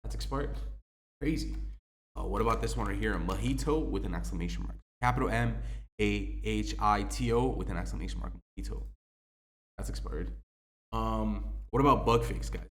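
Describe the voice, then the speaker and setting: A young man with a low voice talks casually over his gameplay, spelling each code out letter by letter and filling the pauses with ums and uhs. A faint hiss sits under the recording. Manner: spells out codes letter by letter, chatty with many ums. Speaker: gaming YouTuber. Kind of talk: casual game code walkthrough.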